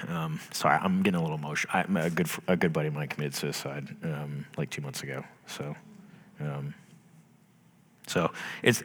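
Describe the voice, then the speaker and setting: A man's voice: low voice, bright, forceful tone. A man preaching a sermon, talking casually with lots of fillers. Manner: casual, conversational preaching with many fillers and laughs. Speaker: pastor. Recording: long hall reverb.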